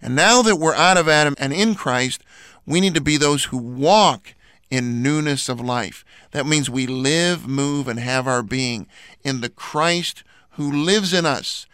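A man's voice: on the high side, unhurried, fairly bright tone, clear, resonant tone, no echo. A man co-hosting a Christian program, explaining a teaching in an earnest, scripted way. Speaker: radio program co-host.

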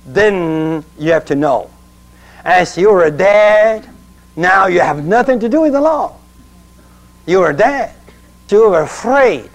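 Preacher guy, slow and emphatic, voice swings up and down a lot, old sermon tape. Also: sits high, poor audio. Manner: emphatic, leads call-and-response.

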